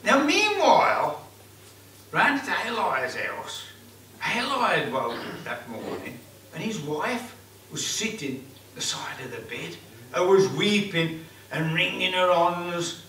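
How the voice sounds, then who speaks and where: A male Black Country storyteller performing live in a folk club, with broad dialect and lots of character. His voice is high and bright with lively pitch swings. He is picked up from a far mic in an echoey room. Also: slow, a little hiss or hum.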